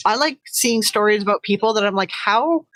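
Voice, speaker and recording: A woman's voice: mid-range voice, quick pace, fairly bright tone, no echo, low-quality recording. A woman hosting a livestream, chatting in a rambling way with lots of fillers. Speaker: livestream host. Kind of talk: casual chat.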